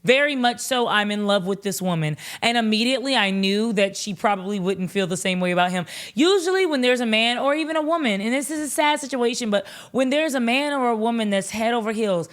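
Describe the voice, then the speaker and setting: Animated woman recapping reality TV. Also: a little high, fairly quick, few pauses. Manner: animated, blunt, swearing freely. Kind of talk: casual recap commentary.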